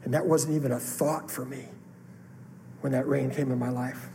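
Earnest preacher in a reverberant hall. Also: male voice, mid-range voice, steady tone, moderate pace, dark tone, a little hiss or hum. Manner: earnest, emotional testimony with rising outbursts. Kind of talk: sermon storytelling. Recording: long hall reverb, faint room ambience.

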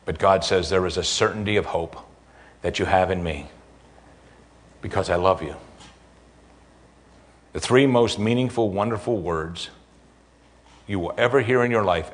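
A man preaching a sermon as a pastor, earnest and emphatic, building repeated phrases and then closing in prayer. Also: deep voice.

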